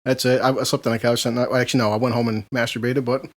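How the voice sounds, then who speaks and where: A man's voice: mid-range voice, very fast. A man co-hosting a podcast, telling a story in casual chat, laughing often, swearing and acting out what people said. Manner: animated, laughing, swearing, acts out quotes. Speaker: podcast co-host.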